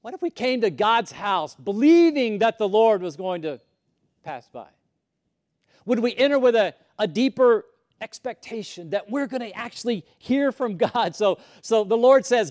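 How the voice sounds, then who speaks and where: High-voiced male pastor preaching. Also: animated, moderate pace. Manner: dynamic, swinging from loud emphasis to hushed whispers; repeats words when starting sentences. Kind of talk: sermon.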